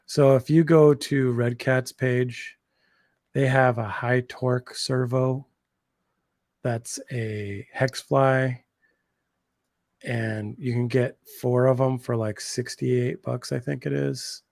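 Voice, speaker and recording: A man's voice: mid-range voice, flat delivery, slow pace, gravelly, darkish tone, no room sound, clean studio sound. A man in his thirties co-hosting a casual livestream chat, enthusiastic and rambling, full of slang and fillers. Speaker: co-host.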